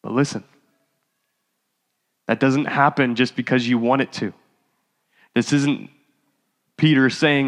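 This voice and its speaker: Speaking slowly and pausing often, a male pastor delivers a sermon that starts casual and conversational before rising into fervent exhortation. His medium-pitched voice stays fairly even in intonation, carried by hall reverb.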